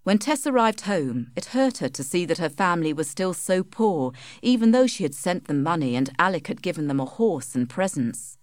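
Low, lively woman narrating a story. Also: no room sound, clean studio sound. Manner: measured, storytelling. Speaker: audiobook narrator. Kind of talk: scripted narration of a simplified classic.

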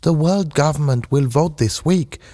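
Male reader doing an anxious woman, storybook, pushed up high, pleading, slow, hall reverb. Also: warm tone, natural voice. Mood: worried. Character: woman, worried and pleading human friend.

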